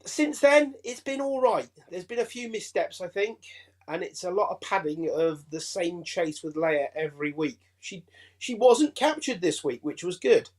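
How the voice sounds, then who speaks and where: A man with an English accent, a chatty and excitable guest on a fan show. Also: high voice, moderate pace. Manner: chatty and excitable, laughs easily. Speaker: guest reviewer. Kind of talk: casual fan chat.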